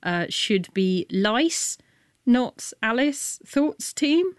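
A woman hosting a science radio programme, chatty and playful with quick asides. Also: on the high side, expressive, no echo, studio quality. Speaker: radio science show host. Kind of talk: lively radio presenting.

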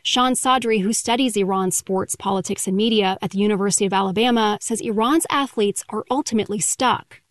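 A woman delivering a scripted radio news report in a measured, clear way. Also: medium pitch, dry recording, clean studio sound.

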